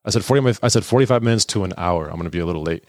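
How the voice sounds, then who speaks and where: A young man with a low voice races through a casual, profane story, animatedly acting out the voices of the people in it. The recording is studio quality with no room sound.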